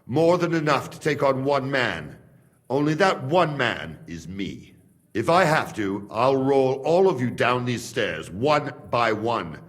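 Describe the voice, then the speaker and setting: Calm firm guard from buda, lively swings in pitch, threatening, game cutscene. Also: male voice, slow. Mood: tense. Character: stubborn, loyal male guard holding captives. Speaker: a king's guard.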